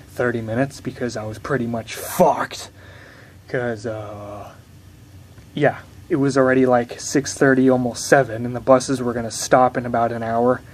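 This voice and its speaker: A young man telling a long personal story in a rambling, blunt way, swearing often. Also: mid-range voice. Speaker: vlogger. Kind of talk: casual storytelling to camera.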